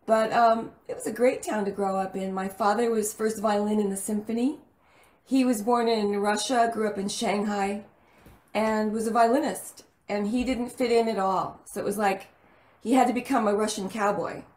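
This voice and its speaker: Woman guest rambling through childhood stories, middle pitch, roomy sound. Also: normal speed. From El Paso, Texas. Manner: chatty, animated storyteller. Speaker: actress guest. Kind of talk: casual interview storytelling.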